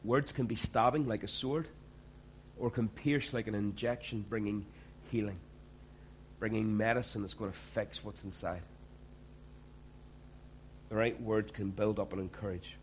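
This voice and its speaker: A man's voice: fairly low pitch, fairly even intonation, measured pace, pauses often, a little hiss or hum, poor audio. A man, preaching a conversational sermon and acting out quoted voices.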